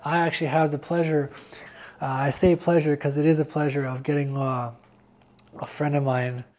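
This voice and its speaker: A man giving a candid interview about his faith, talking earnestly and haltingly with frequent restarts. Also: a little high, little pitch movement, a little mellow. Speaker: interviewee sharing a personal faith testimony.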